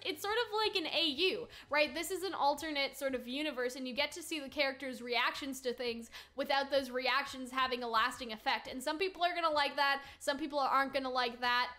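A high-pitched woman rambling through a casual theory chat. She is full of fillers and quick giggles. Her tone stays bright and sharp. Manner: chatty, fast filler-heavy talk with frequent giggles. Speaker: YouTuber cartoon theorist. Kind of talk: casual commentary.

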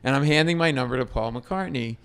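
A middle-aged comedian telling a story in chat, animated and acting out quotes loudly. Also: male voice, mid-range voice, a little fast, clean tone. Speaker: comedian guest.

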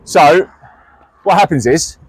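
A man's voice: a little high, expressive, slow pace, a little hiss or hum. A man hosting a car walkaround, joking and teasing his co-host in playful banter.

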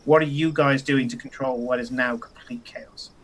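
A man, narrating a tabletop game as game master, halting with many fillers and chuckles. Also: medium pitch, fairly even intonation, fairly bright tone, slight background noise.

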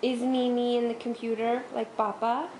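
A woman's voice: on the high side, flat delivery, moderate pace, noisy background. A young woman vlogging at home, playing with her toddler in sing-song baby talk and chatting to viewers. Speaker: vlogger and mother. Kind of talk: casual home vlog.

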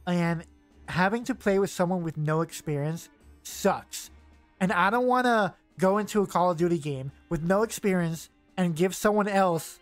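A young man streaming a video game, chatting casually and rambling with lots of fillers and self-corrections. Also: high voice. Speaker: gaming streamer. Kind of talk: casual let's-play chat.

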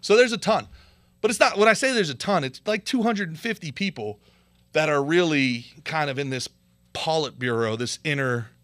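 A man hosting his own podcast rants in a bright, forceful voice that sits a bit high for a man, with no room echo at all. He rambles, restarts his sentences and piles on sarcasm. He lurches from loud outbursts down to near-whispers. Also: lively intonation, moderate pace. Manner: sarcastic, swings from loud to muttered. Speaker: podcast host. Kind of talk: ranting political commentary.

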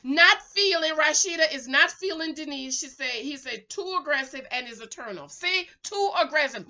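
Sassy middle aged lady recapping reality tv, sharp bright voice, yells a lot, kinda muffled recording. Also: sits high, normal speed, few pauses. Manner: animated and sassy, breaks into loud exclamations. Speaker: reality show recap host.

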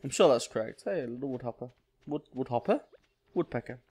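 A man's voice: medium pitch, racing, darkish tone, husky. A man hosting a gaming channel, giving casual let's-play commentary and thinking aloud with small exclamations.

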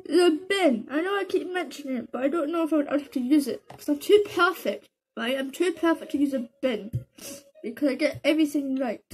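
High-voiced woman chatting while gaming. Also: expressive, a little fast, a little mellow, soft background music. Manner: chatty, self-mocking, talks to herself while playing; drops casual slang like "bro" and "man". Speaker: gaming video creator. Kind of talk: casual gameplay commentary.

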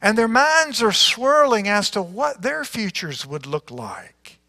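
High bright pastor guy preaching slow, big dramatic swings, echoey church hall. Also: sing-song. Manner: dramatic scripture reading with wide swings in pitch and volume. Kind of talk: sermon. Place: church sanctuary.

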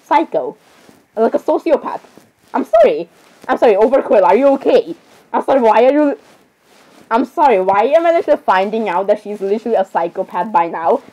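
Woman reactor, higher mellow voice, giggly, keeps apologizing. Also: sing-song, fairly quick, lo-fi sound. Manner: giggly, keeps saying "I'm sorry". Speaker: video reactor. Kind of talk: casual reaction commentary.

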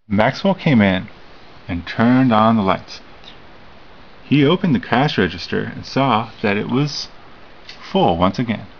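A man reading a children's picture book aloud to his child, with expressive storybook narration. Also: on the low side, measured pace, pauses often. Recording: dull home recording with faint hiss.

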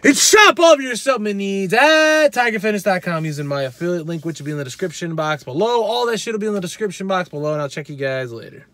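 A man's voice: high voice, fast, few pauses, fairly bright tone, no room sound. A male fitness channel host ranting in a vlog, heated and profane, repeating his points.

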